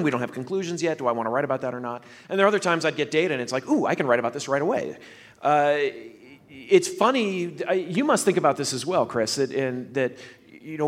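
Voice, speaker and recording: Excitable guy, kinda high voice, chatty podcast guest, stumbles and restarts a lot. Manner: excitable, laughing, halting restarts. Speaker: science guest. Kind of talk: casual podcast chat. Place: live stage before audience.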